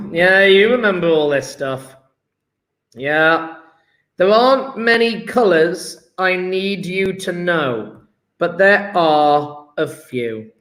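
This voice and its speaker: A man's voice: high-pitched, animated, slow pace, fairly bright tone. Rambling, joking male chemistry teacher. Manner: rambling, joking, self-deprecating. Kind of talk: live online lesson answering chat. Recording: echoey room.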